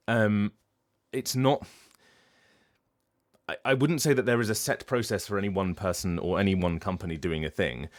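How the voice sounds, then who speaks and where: A voice actor talking casually on his livestream, thinking aloud and restarting his sentences as he explains. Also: lowish voice. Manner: thoughtful, explaining at length with frequent restarts. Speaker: voice actor and streamer.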